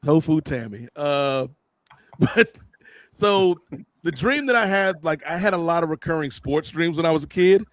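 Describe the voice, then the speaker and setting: A man hosting a podcast, telling a long comic story in an animated, joking way and calling his co-hosts by name. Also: fairly high pitch, measured pace, no room sound. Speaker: podcast host. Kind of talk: casual comedic storytelling.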